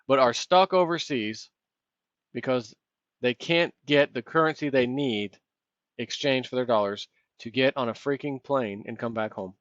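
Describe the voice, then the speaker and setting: A man's voice: mid-range voice, fairly bright tone, no room sound. A man hosting his own commentary vlog, ranting sarcastically about politics. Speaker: vlog host. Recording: dull, lo-fi, dry.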